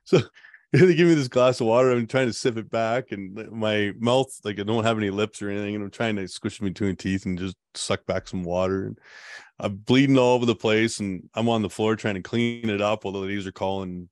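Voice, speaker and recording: Man, low voice, rambling storyteller, dry close sound. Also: a little fast, no echo. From Canada. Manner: rambling, laughs while recounting. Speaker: guest telling his survival story. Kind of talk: casual storytelling interview.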